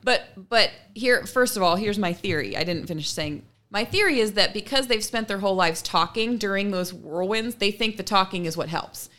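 A woman co-hosting a podcast, talking through her ideas earnestly in a casual back-and-forth. She sits at a middle pitch and fills her points with quick asides. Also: fairly bright tone. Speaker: podcast co-host. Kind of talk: casual chat.

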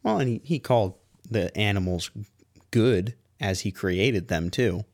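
Low-voiced man in a dry, close recording. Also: a little slow, no room sound. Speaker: podcast co-host. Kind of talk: casual podcast chat.

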